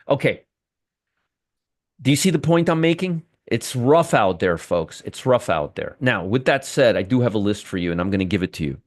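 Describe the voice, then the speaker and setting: A man's voice: medium pitch, big pitch swings, moderate pace, no echo, studio quality. A man hosting a live trading room, commenting on the market with heavy sarcasm, restarting and trailing off as he works his screens. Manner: sarcastic, talks to viewers and chat.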